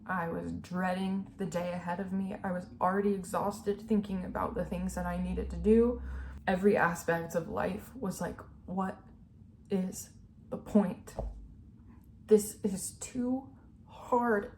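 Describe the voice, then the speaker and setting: A woman's voice: lowish voice, a little mellow, a little hiss or hum. Earnest young woman vlogging candidly. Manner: earnest, emotional, filler-heavy with "like" and "you know". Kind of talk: candid personal vlog.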